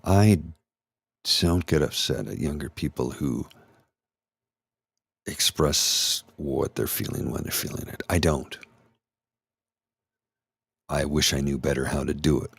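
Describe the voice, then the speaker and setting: A middle-aged man talking candidly and haltingly through an anxiety attack, his voice trembling as he restarts his sentences. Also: very deep voice, vocal fry, breathy edge, no echo. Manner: halting, restarts, anxious and shaky. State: anxious, trembling voice. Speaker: ASMR channel host. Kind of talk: candid personal talk.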